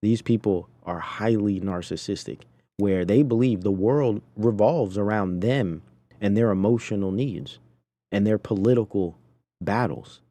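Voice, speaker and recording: Man host, indignant commentary, dark mellow low voice. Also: measured pace. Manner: preachy, indignant, talks to chat. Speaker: podcast host. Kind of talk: commentary on clips.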